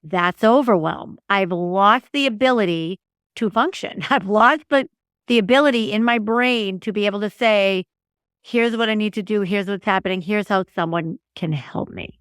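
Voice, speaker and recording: A middle-aged woman hosting a podcast in casual solo talk, animated and repetitive, sometimes acting out her own flustered voice. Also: mid-range voice, moderate pace, smooth. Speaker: podcast host.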